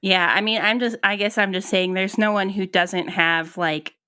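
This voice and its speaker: A woman's voice: mid-range voice, fairly even intonation, normal speed, sharp tone, clean tone, dry recording, clean studio sound. A woman co-hosting a podcast in casual chat, hesitant with many ums and restarts. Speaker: podcast co-host.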